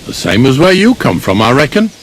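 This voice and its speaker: An actor playing a blunt, grumbling village gravedigger in a video game, speaking. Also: male voice, mid-range voice, big pitch swings, brisk, a little hiss or hum, natural voice. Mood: gruff.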